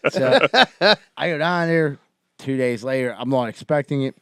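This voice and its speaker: A man's voice: medium pitch, animated, unhurried, bright, forceful tone, smooth, no room sound, studio quality. A man hosting a podcast, telling loose rambling anecdotes and laughing a lot. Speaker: podcast host. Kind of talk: casual chat.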